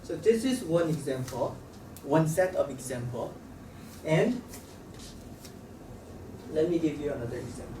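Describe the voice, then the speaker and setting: Slow-talking male teacher. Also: a little high, lively intonation. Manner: slow, halting, repeats sounds for demonstration. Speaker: Korean language teacher. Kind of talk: classroom lecture at a board. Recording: roomy, slightly distant mic with faint room noise.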